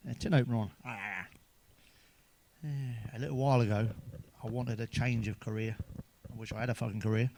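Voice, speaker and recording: A man's voice: medium pitch, fairly even intonation, brisk, a little mellow, slight background noise. A man telling crude jokes in a sweary monologue, chuckling at his own punchlines. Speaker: stand-up comedian.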